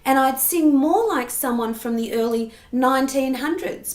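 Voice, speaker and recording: A woman singing teacher explaining vocal technique patiently and clearly, often checking in with the listener. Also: on the high side, a little mellow. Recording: roomy echo.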